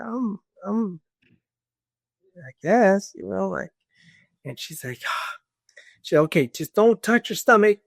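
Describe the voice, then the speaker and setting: Gravelly man telling a story. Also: a little high, dry recording, studio quality. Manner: recounts dialogue, acting out voices of others; casual, with many fillers like "this and that". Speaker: guest. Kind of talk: storytelling in conversation.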